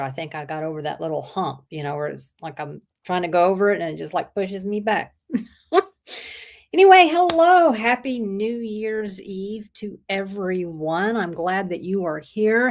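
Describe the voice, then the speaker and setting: Chatty woman with a sore throat. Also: mid-range voice. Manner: chatty, rambling, greets viewers by name. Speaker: livestream host. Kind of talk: casual chat reading viewer comments.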